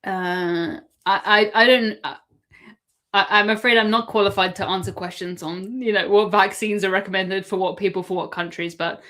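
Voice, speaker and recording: A woman's voice: mid-range voice, fairly even intonation, moderate pace, a bit bright. An English woman chatting casually on a live stream, answering viewer questions and laughing often. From England. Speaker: cruise live-stream host.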